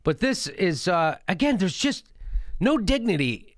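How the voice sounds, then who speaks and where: A man's voice: high-pitched, sing-song, unhurried, no room sound, studio quality. A middle-aged man hosting a political commentary show, ranting in an indignant, mocking and profane way. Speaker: host.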